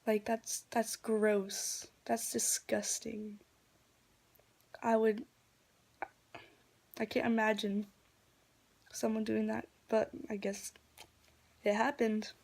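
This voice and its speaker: Woman vlogger, slow and flat, quietly disgusted commentary with soft near-whispers. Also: a little high, creaky. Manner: subdued, disgusted retelling with soft half-whispered stretches. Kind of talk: reaction commentary.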